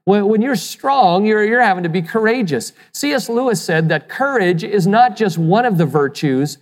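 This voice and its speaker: A pastor delivers a sermon in a middle-pitched voice, pressing points home with rhetorical questions and the odd repeated word. The sound rings with the long reverb of a large hall. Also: lively intonation, normal speed. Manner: emphatic, asks the listeners rhetorical questions; repeats words when restarting.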